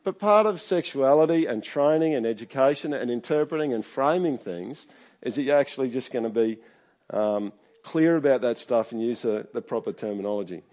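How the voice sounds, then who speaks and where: A man's voice: mid-range voice, lively intonation, a little fast, a little mellow. A middle-aged man preaching a conversational sermon, often checking in with his listeners. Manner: chatty, keeps checking in with the congregation. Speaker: pastor.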